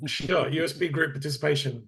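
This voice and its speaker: A man with a husky, slightly high voice reads a list of group guidelines aloud on a video call. He stays steady, with dry, deadpan asides between the lines. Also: brisk. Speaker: committee member.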